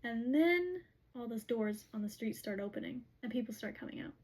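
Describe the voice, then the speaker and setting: A chatty woman retelling a story in a casual recap, her voice fairly high and breathy. She leans on "like" constantly as she runs through scenes and quotes the characters. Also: lively intonation, moderate pace, darkish tone, low-quality recording. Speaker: book recap host.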